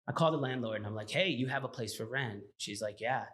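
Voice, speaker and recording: A Texan-accented restaurant owner, appearing as a guest in a casual chat, tells his story with animation, laughing as he acts out the dialogue. His voice is mid-range and his pace brisk.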